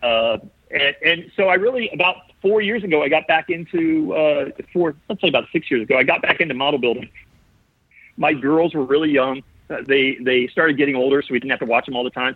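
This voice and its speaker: A husky-voiced Ohio man in his forties, a model builder, chats casually as a podcast guest over tinny, phone-like call audio that sounds dry and close. His voice is mid-range, and he tells stories eagerly, restarting sentences again and again.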